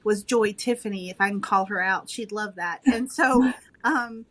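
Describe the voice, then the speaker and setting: A woman's voice: medium pitch, normal speed, a bit bright, low-quality recording. A woman who writes romance novels, a podcast guest chatting in an enthusiastic, thoughtful and modest way. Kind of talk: casual interview chat.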